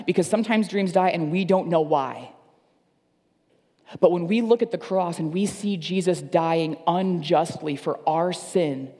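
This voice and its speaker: A man's voice: a little high, mellow, big-room sound. A man preaching a sermon as pastor, earnest and repeating phrases for emphasis. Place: church service.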